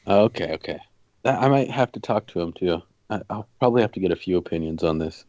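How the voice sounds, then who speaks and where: A man's voice: deep voice, expressive, quick pace, darkish tone, no room sound, muffled recording. A man playing his character in a tabletop game, casual and thoughtful. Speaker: player. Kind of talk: in-character tabletop role-play.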